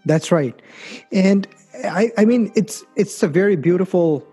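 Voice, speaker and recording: A man's voice: sits high, unhurried, mellow, husky, faint music behind. A man in casual conversation who asks questions and checks with "right?" often. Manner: inquisitive, adds "right?" often.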